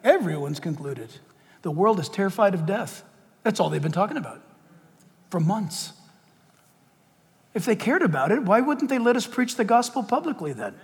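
Male pastor, impassioned sermon, rhetorical questions, high voice, long reverb. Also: big pitch swings, moderate pace, long pauses. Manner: impassioned, rhetorical questions, swings from loud to quiet. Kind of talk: outdoor sermon.

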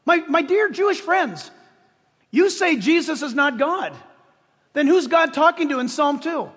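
A man preaching a sermon as pastor, impassioned and emphatic, often rising to shouts in front of his congregation. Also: very high voice, lively intonation, unhurried. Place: church sanctuary with congregation. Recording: long hall reverb.

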